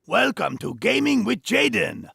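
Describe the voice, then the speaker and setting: Announcer promo: a man doing a swaggering Mexican gangster, raspy, high and lively, Mexican Spanish accent. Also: a little slow, no room sound, studio quality, full character voice. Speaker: segment announcer. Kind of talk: recorded promo voice-over.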